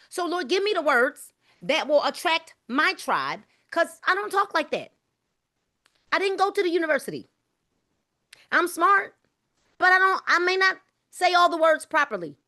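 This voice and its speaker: A woman's voice: sits high, bright, forceful tone. Fervent woman preaching at a live book club. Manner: fervent, preacher-like, repeating phrases; casual informal speech.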